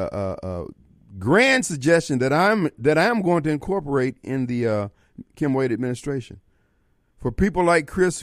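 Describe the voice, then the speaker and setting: A man's voice: fairly high pitch, dry recording, studio quality. A man hosting a talk radio show, brash and provocative, laughing often. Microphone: studio microphone.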